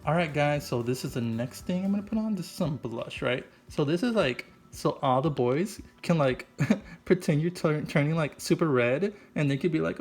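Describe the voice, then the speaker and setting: A man's voice: on the high side, normal speed, darkish tone, soft background music. A man doing an improvised comic voice-over, rambling and goofy, packing his talk with "like" and "right?". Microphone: voice-over mic.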